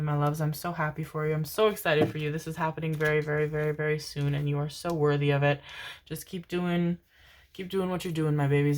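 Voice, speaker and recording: A woman giving a casual tarot reading to camera, gushing and affectionate, swearing freely and calling her viewers darlings. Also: low voice. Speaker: tarot reader.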